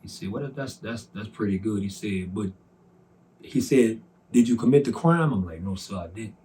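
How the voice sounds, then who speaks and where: A man in his forties with a fairly low voice tells his personal testimony. He speaks softly and earnestly, acting out both sides of a past conversation. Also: animated, normal speed. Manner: recounts dialogue by voicing both sides, soft and earnest.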